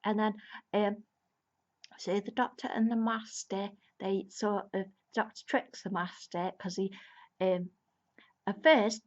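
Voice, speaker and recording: A woman with a mid-range, steady voice talks a little slowly, casually retelling a plot as a video reviewer. She rambles, restarting often and using lots of fillers, and she sounds amused, laughing now and then between lines. The recording is lo-fi and slightly dull.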